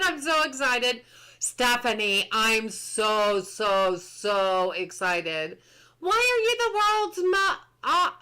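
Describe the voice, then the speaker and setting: High, bright-voiced woman streamer. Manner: chatty, reads patch notes aloud and answers chat, laughs often. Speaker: game streamer. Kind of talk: casual live-stream chat.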